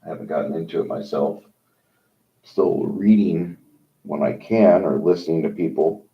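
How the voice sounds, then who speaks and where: A man hosting a livestream, talking in a rambling, opinionated monologue with many halts. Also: low-pitched. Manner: rambling, opinionated, halting with fillers. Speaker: livestream host. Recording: dull lo-fi sound.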